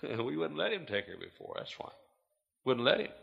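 Gravelly preacher, hushed to shouting. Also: male voice, medium pitch, very animated, moderate pace, highs cut off. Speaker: pastor. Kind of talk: sermon.

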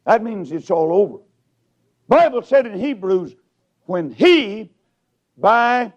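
Shouting preacher, big swings. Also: male voice, very animated, slow pace, pauses often. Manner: swings from shouted peaks to low mutters, storytelling. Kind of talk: revival sermon. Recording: dull lo-fi sound.

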